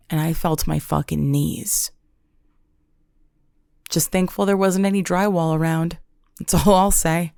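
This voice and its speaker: A young adult woman hosting a podcast, telling a comedic monologue with deadpan, dramatic exaggeration. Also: lowish voice, measured pace, vocal fry, clear, resonant tone, dry recording, studio quality. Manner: deadpan, dramatic storytelling with self-mocking exaggeration. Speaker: podcast host.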